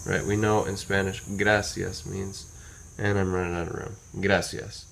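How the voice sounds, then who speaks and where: Low-voiced man teaching a relaxed lesson. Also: normal speed, vocal fry, very noisy. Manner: patient, repeats phrases, checks understanding with "okay?" and "right?". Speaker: Spanish teacher. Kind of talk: casual classroom lesson.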